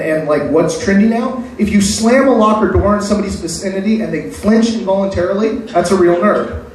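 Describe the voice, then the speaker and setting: A man's voice: high-pitched, a little fast. A man doing a stand-up set at an open mic night, delivering crude, self-deprecating punchlines. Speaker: stand-up comedian. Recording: echoey room, mic far off.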